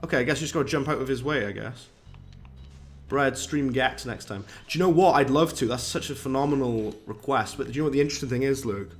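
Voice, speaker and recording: A man's voice: mid-range voice, quick pace. Chatty man streaming a game. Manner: chatty, rambling, reads chat aloud, British slang. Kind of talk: casual live-stream gameplay commentary. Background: game music.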